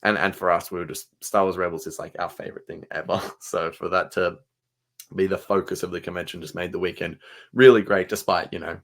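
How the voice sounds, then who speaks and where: A man's voice: sits low, fairly even intonation, a little fast, a bit bright. A man co-hosting a fan podcast, chatting casually and enthusiastically with many fillers. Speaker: podcast co-host.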